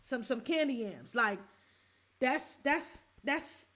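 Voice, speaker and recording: A woman from the Bronx in her forties, hosting a reaction show and talking to her listeners in a heartfelt, halting way. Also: high voice, lively intonation, fairly bright tone. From the Bronx, New York. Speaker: podcast host. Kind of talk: emotional reaction chat.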